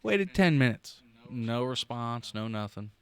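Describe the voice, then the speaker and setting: A man's voice: medium pitch, sing-song, unhurried, fairly bright tone, clear, resonant tone. A middle-aged man co-hosting a podcast, casually telling a game story with swearing and mouth sound effects. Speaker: podcast co-host. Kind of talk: casual chat.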